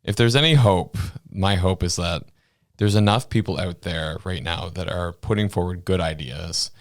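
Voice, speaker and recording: A man with a very low voice talks through ideas in relaxed, easygoing podcast chat and laughs often. The sound is close and dry, with no room around it. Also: moderate pace, dry recording. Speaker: podcast co-host. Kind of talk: casual political chat.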